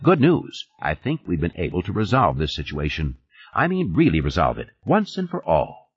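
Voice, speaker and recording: A man voicing a smooth, ingratiating corporate executive in an audiobook reading. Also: low-pitched, sing-song, normal speed, heavily acted. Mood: soothing. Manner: soothing, glib. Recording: dull lo-fi audio.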